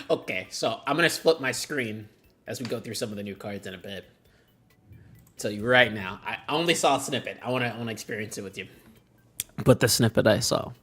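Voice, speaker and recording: A streamer talking casually while playing, swearing freely and laughing at their own mistakes, lurching between loud outbursts and quiet muttering. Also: mid-range voice.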